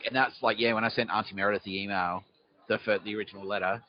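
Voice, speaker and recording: A man's voice: fairly low pitch, fairly even intonation, quick pace. An Australian man hosting a podcast, rambling through a comic monologue outdoors on a city street, swearing freely and answering his own questions. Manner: swearing, asks himself questions and answers them. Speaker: podcast host. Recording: dull lo-fi recording.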